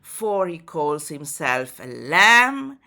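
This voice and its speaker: Slow, bright-voiced woman teaching poetry. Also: low voice, big pitch swings, creaky. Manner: measured, deliberate, with frequent "uh" and "um" fillers. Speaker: literature teacher. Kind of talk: explanatory poetry lesson.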